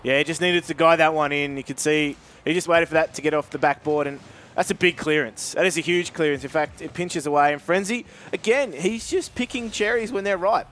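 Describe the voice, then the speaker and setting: A man giving measured play-by-play on a live esports match, with bursts of excitement on the big plays. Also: a little high. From Australia. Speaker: esports co-caster.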